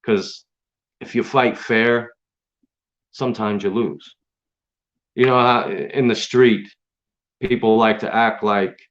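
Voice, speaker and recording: Man, fairly low voice, angry profane rant, threatening, stream host, muffled lo-fi audio. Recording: dull lo-fi sound.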